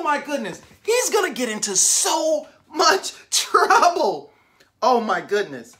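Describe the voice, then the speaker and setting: A woman reading a picture book aloud to young children, animated and constantly asking the listeners questions. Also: sits high, slow.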